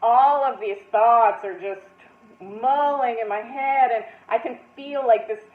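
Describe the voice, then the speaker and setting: Slow, laughing woman storyteller on a tinny line. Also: fairly high pitch. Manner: animated, breaks into frequent laughter. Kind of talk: personal storytelling. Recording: tinny phone-like sound in an echoey room.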